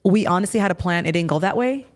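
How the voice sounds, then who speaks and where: Woman in her thirties, low-pitched co-host, emotional and rambling in casual talk. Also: fast. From Rio Grande Valley, Texas. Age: 30s.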